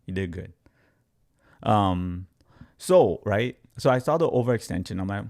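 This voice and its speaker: Man, young adult, lowish pitch, gravelly fry, casual live-stream commentary, energetic, repetitive. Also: a little slow, pauses often. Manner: energetic, repeats himself, talks straight to viewers. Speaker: crypto trading streamer.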